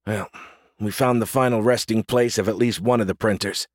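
A man voicing a calm, practical male military leader in an audiobook, speaking in a measured way. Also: lowish voice, no echo, clean studio sound, close to an everyday voice. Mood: steady.

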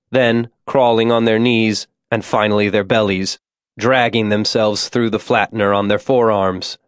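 A man reading a story aloud in a measured, descriptive way, his voice sitting at an ordinary male pitch. The recording is dry and close, with no room echo. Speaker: audiobook narrator. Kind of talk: scripted narration.

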